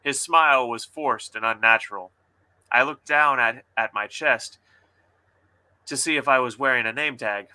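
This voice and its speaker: Bright-voiced man hosting a book critique. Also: medium pitch. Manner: laughing, playful critique with dramatic pauses. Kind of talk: casual chat and reading aloud.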